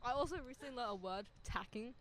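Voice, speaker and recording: A young woman chatting on a student podcast, her words tumbling out quickly. Her voice sits a little high, and she circles her point through plenty of "like"s. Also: a bit bright. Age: young adult. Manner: rambling, filler-heavy storytelling. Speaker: podcast co-host. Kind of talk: casual chat.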